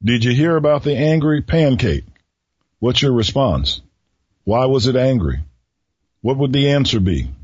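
A male radio host speaks slowly in a husky voice, teasing listeners with riddles in a folksy manner. The recording is dry and somewhat dull, like a small radio studio feed. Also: mid-range voice, lively intonation, dry recording. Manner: slow, folksy, teasing delivery. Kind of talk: solo radio talk with riddles.

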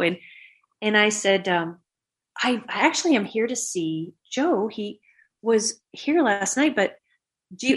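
A woman guest on a talk show, telling a personal story with lively voices for the people she quotes. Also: mid-range voice, normal speed, slightly rough.

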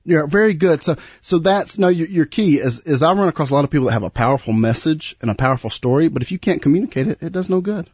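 A man's voice: a little high, expressive, fast, hardly any pauses, a little mellow, slightly rough, dry recording, lo-fi sound. A man hosting a radio talk show, chatty and prone to repeating words. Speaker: host.

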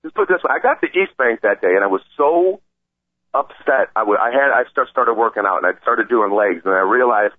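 A man telling a story in a casual chat, excited and rambling, often stammering and restarting. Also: mid-range voice, fairly quick, no room sound. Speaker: podcast regular telling a story. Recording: tinny phone-like sound.

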